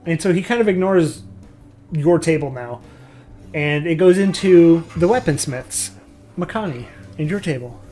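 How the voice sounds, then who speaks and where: A man with a slightly high voice narrates as game master. His telling is loose and rambling, full of restarts and stacked clauses, over faint music. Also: expressive, unhurried, mellow.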